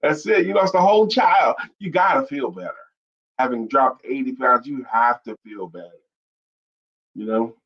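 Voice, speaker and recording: A man with a husky, slightly rough voice that swings up and down a lot as he teases and tells stories. He co-hosts a casual chat. The sound is dull and lo-fi, like stream audio. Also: mid-range voice, expressive, moderate pace, fairly bright tone. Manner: playful, teasing storyteller. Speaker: co-host.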